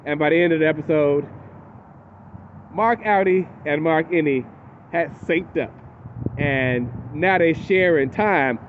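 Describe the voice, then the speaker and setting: Male recapper, animated and chatty, slightly high voice, phone-like audio with faint hiss. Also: a little slow, pauses often. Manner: animated, acts out characters in quotes. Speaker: TV recap host. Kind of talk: casual episode recap.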